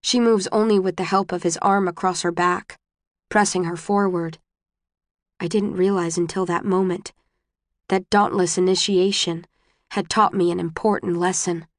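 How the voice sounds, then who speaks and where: A woman narrating a novel in the first person, subdued and measured, recorded on a close studio mic. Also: lowish voice, steady tone, no room sound. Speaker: audiobook narrator.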